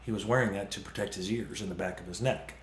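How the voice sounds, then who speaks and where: Man, low voice, whip instructor guest, rambling explanations, roomy echo. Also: steady tone, fast talker, a little hiss or hum. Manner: explanatory, filler-heavy. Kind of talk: casual podcast interview.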